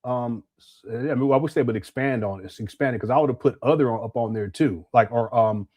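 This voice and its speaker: A man's voice: mid-range voice, a little fast, darkish tone, no room sound. A man hosting a live stream, reacting to clips with frequent laughter and casual commentary. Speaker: host.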